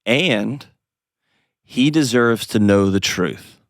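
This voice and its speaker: A man's voice: fairly low pitch, takes it slowly, dry recording, studio quality. A man hosting an advice call-in show, talking in a direct, coaching way with playful asides. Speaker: host.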